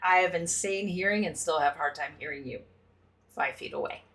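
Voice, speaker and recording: A woman's voice: on the low side, fairly quick, a bit bright. A married woman co-hosting a casual stream chat, bantering and joking with the guest. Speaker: podcast co-host.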